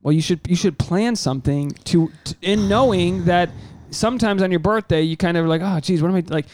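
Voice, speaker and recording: A man in his thirties co-hosting a podcast in casual chat, an animated storyteller who swears freely and acts out quotes. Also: high voice, brisk, slight background noise. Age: 30s. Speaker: podcast co-host. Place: home.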